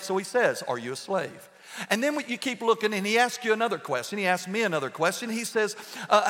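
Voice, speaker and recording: A man's voice: high-pitched, bright, forceful tone. A man pastor preaching a live sermon to his congregation in a church, folksy and joking as he talks to the crowd. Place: church sanctuary before a congregation. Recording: long reverb of a church hall.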